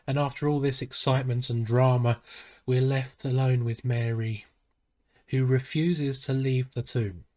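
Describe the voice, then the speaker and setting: A man preaching a sermon as a pastor, measured and solemn, pausing softly between phrases. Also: medium pitch, fairly even intonation. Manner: slow, measured and solemn, with soft pauses.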